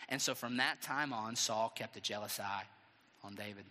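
Animated, bright-voiced male preacher in a big hall. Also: lowish voice, moderate pace. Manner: dramatic, animated storytelling with rhetorical questions. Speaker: pastor. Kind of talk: sermon.

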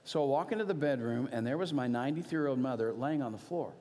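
A middle-aged male pastor preaching a sermon, telling a personal story earnestly, moving between animated emphasis and hushed, quiet moments. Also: mid-range voice, quick pace. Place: church. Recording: long hall reverb.

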